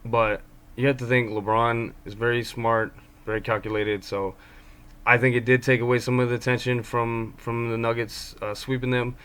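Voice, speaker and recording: A man's voice: mid-range voice, little pitch movement, normal speed, fairly bright tone, clear, resonant tone. A man giving casual basketball commentary as a fan of his team, rambling with many ums and restarts. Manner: fan talking about his own team.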